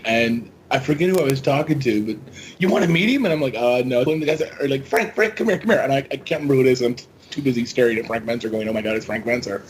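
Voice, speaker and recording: Excitable stammering podcast man. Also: mid-range voice, quick pace, hardly any pauses, a little hiss or hum, poor audio. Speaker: podcast co-host. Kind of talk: casual chat.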